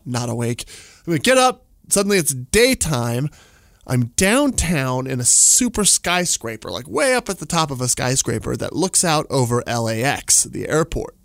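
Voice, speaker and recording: A man's voice: medium pitch, animated, normal speed, creaky, no echo. A man, telling a story casually in a studio, with lots of fillers and laughter. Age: 40s.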